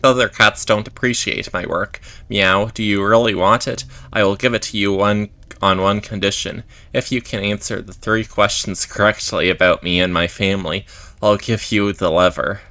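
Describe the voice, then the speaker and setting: Vain male cat artist, ends lines with meow, gravelly voice, low pitch, read by a man. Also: fairly even intonation, normal speed, pushed and bright.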